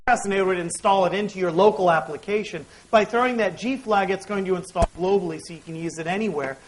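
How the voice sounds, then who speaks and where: A man's voice: sits high, poor audio. A man giving a technical conference talk from the stage, explaining tools step by step with wry asides. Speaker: conference speaker.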